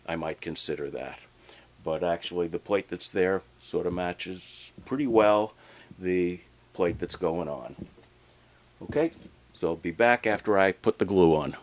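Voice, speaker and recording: A man casually narrating a hands-on turntable repair in a relaxed, plainspoken way while he works in a home workshop. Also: sits low. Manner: relaxed, plainspoken, working as he talks. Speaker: hobbyist restoring a turntable.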